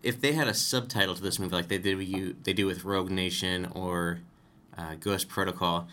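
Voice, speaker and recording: Sitting low with a steady, bright, forceful tone, this co-host's voice moves a little fast. In a casual podcast chat about a film, he rambles, self-corrects as he goes, and laughs easily.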